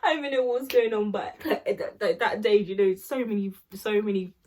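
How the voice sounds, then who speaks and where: A woman's voice: mid-range voice, fairly quick, a little mellow. A young woman, telling a rambling storytime vlog full of fillers. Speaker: vlogger.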